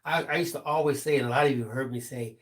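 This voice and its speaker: A man's voice: mid-range voice, fairly even intonation, fast. A middle-aged man co-hosting a live craft stream, easygoing and casual, reading viewer comments aloud and musing reflectively.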